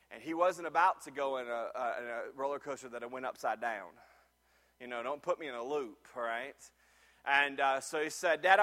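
A middle-aged man, preaching a sermon and telling a personal story, animated and full of restarts. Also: medium pitch. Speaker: pastor.

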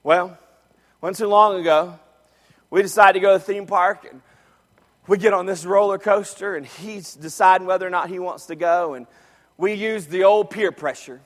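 A man preaching a sermon, telling a family story and swinging between loud, excited lines and hushed ones. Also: high voice, normal speed, in a large hall. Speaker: pastor.

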